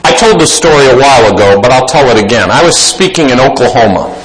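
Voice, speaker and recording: A man preaching a sermon emphatically, swinging between loud exclaiming and quiet asides. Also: mid-range voice, expressive, fast, reverberant, crowd noise, rough recording.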